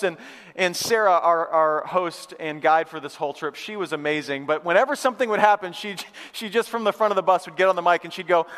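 A man's voice: high voice, fairly bright tone, in a large hall. A man preaching a sermon as pastor, reading scripture and then talking earnestly and conversationally with his congregation, calling for their responses. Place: church sanctuary.

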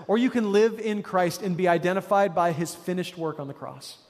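A man's voice: high-pitched, brisk, a little mellow, in a large hall. A man preaching a sermon as a pastor, casual and conversational, with frequent restarts and an encouraging tone.

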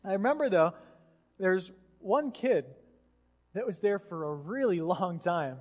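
Man, high voice, pastor, animated sermon storyteller, long hall reverb. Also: measured pace, highs cut off. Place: church hall.

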